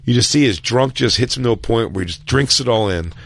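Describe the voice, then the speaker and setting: A man's voice: mid-range voice, quick pace, gravelly, no room sound. A man, a stand-up comedian co-hosting a podcast, telling rambling stories in casual chat and acting out the quotes.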